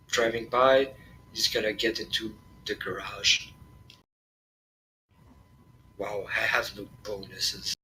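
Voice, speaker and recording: A man's voice: mid-range voice, bright, forceful tone, a little hiss or hum, rough recording. A man playing a tabletop game who thinks aloud hesitantly and laughs between moves. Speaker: player.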